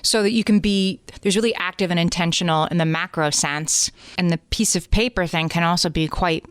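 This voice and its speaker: Woman, podcast co-host, casual chat, earnest, low pitch, dry close sound. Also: fairly even intonation, fairly quick, clear, resonant tone, no room sound. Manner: earnest, acts out her own inner thoughts.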